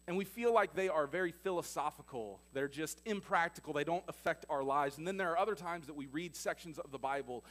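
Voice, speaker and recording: A male pastor preaching in a church, retelling stories in a fairly high voice. His delivery swings between emphatic, louder passages and quiet, hushed ones. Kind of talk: sermon.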